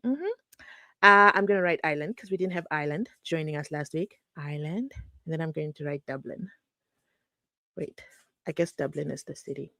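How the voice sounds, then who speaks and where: Speaking in a deep, creaky voice at a fairly quick clip, she pauses often, and there is no echo. She's a South African true crime channel host, chatting animatedly with live-stream viewers and slipping into laughs and asides.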